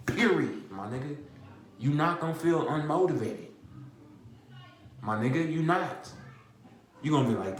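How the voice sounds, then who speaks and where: A man's voice: fairly high pitch, expressive, a little slow, pauses often, echoey room, slight background noise. A man vlogger in a profane comedic rant who fires off repeated rhetorical questions and curses constantly. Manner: repetitive, rhetorical questions, heavy cursing.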